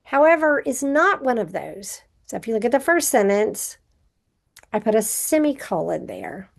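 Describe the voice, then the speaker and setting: A woman teacher records a grammar review for students. Her voice sits a little high with a gravelly fry, and she explains patiently, one step at a time. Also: big pitch swings, moderate pace.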